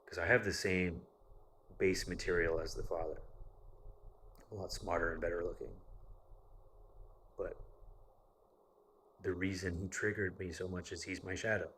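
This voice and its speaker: A man's voice: deep voice, fairly even intonation, normal speed, pauses often, a bit bright, breathy edge. A man from the United States telling a personal story in a casual, rambling monologue, swearing often. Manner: profane and rambling, with frequent fillers. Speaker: vlogger.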